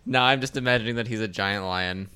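A man's voice: on the low side, quick pace, pushed and bright, clean tone. A man co-hosting a book podcast, adding joking asides and laughing easily. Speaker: podcast co-host. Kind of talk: casual chat.

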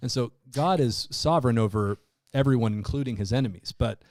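Man, podcast co-host, animated storyteller, casual Bible talk, dry close mic. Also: mid-range voice, a little fast, no echo. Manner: lively storyteller who acts out quoted lines.

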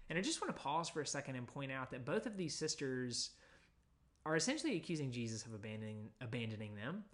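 A man at a mid-range pitch delivers a sermon in an easygoing teaching manner. He explains scripture verse by verse, pausing often with small fillers as he thinks aloud. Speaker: pastor.

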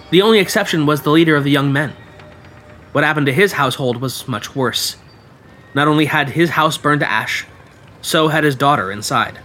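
A man narrating folk ghost tales in a measured, dramatic storytelling manner. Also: fairly high pitch, pushed and bright. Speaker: podcast storyteller.

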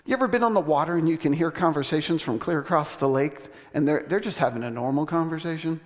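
A male pastor telling a story in a sermon, acting out voices with laughter and animated delivery. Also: fairly high pitch, quick pace. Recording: long hall reverb.

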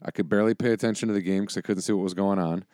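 A man's voice: low voice, steady tone, rapid-fire, warm tone, dry recording, clean studio sound. A man in his forties chatting casually, telling rambling, profane stories full of restarts. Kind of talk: casual chat.

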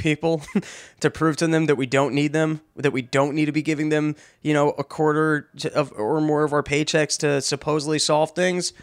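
A man hosting a podcast who rants in a comedic, profane way. He swears often and stammers through quick restarts. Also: fairly high pitch, no room sound, studio quality. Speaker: podcast host.

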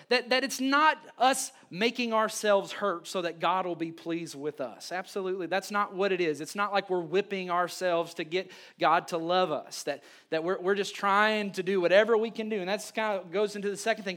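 A man, a pastor preaching a sermon, telling stories with lively restarts and repeated words. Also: high-pitched. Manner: animated storytelling with quick restarts.

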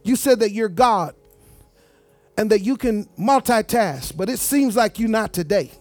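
Male preacher, very high voice, emphatic and repetitive, dry close sound. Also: lively intonation, unhurried, no echo, soft background music. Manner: emphatic, repeats words, talks straight to the congregation. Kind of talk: sermon.

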